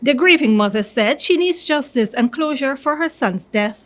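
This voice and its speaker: A woman reporter narrating a television news story in a measured, even way. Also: sits high. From Guyana.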